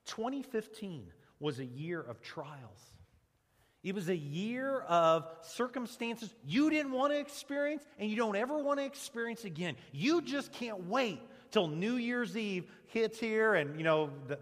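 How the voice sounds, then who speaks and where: A male pastor preaching a conversational, animated sermon and leading the congregation in repeating lines. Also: high-pitched. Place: church sanctuary. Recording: long reverb of a church hall.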